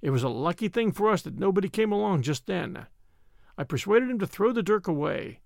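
A man's voice: high-pitched, expressive, brisk, vocal fry, no echo, studio quality. A man narrating an audiobook with wry, dryly humorous storytelling. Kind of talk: scripted narration.

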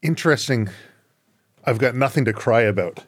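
A man's voice: mid-range voice, animated, moderate pace, no room sound. A man hosting a podcast interview, thinking aloud reflectively with frequent tag questions. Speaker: podcast host.

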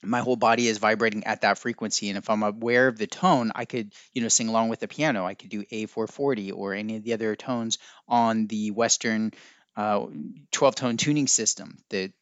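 A man's voice: lowish voice, fairly even intonation, brisk, clear, resonant tone, no room sound. A man hosting a solo podcast, talking in a musing, teacherly way that keeps correcting itself. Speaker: podcast host. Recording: dry, dull lo-fi sound.

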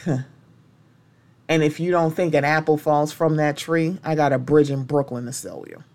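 A woman speaks alone on her podcast in a slightly low voice. She is impassioned and blunt, and she swears freely. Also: normal speed, a little mellow. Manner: impassioned and blunt, with strong language. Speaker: podcast host. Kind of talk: solo podcast monologue.

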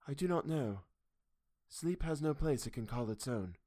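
A man voicing a young woman in a hypnotic trance, speaking softly, dreamily and from far away in an audiobook reading. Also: medium pitch, animated, a little fast, no room sound, studio quality, pitched above the performer's own voice, lightly acted. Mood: dreamy. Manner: soft, dreamy and distant.

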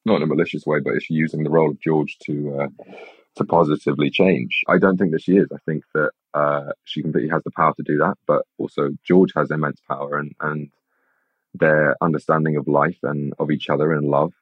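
A young man with a British accent and an extremely deep, husky voice, talking casually as an interview guest. He tells stories in a rambling, animated way, often restarting his sentences. The sound is dry and a bit dull. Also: a little fast, no echo. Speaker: actor guest.

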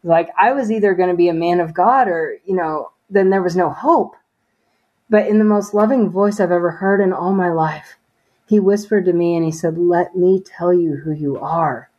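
A woman's voice: on the low side, normal speed, a little mellow, lo-fi sound. A woman sharing a personal faith testimony as an interview guest, talking earnestly and casually with many fillers.

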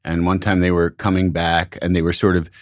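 Low-voiced man telling stories in a dry room. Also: brisk, no echo. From Illinois, United States. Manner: rambling, animated storyteller. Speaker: podcast host. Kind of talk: casual conversation.

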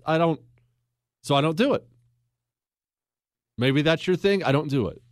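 An American man hosting a casual history talk, folksy and emphatic, with his pitch and pace swinging widely as he makes a point. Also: lively intonation, fairly quick, pauses often, dry recording, studio quality. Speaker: podcast host.

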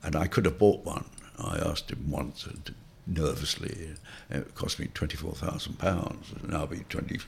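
Older male guest, husky and wry, rambling raconteur. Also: sits low. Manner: wry, rambling, laughs through stories. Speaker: interview guest. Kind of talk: anecdotal reminiscing.

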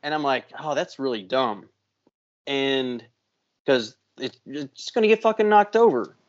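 A man co-hosting a podcast, telling a story in a casual, animated and profane way. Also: mid-range voice, a little slow. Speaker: podcast co-host. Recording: dull lo-fi sound.

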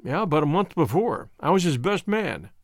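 A man's voice: on the high side, very animated, normal speed, no room sound, studio quality. A man reading an audiobook, voicing a guarded man who answers questions plainly and defensively. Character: guarded, broad-shouldered male friend under questioning.

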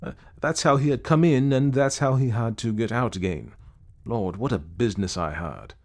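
A man reading the part of a brisk Edwardian gentleman who tells his ghost story with heavy emphasis on certain words. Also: mid-range voice, animated, natural voice. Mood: emphatic. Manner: emphatic, blustering.

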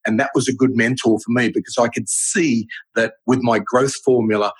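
A man's voice: medium pitch, fairly even intonation, moderate pace, husky, low-quality recording. A middle-aged man, a business owner, answering podcast interview questions in an earnest, rambling way with many restarts. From Australia.

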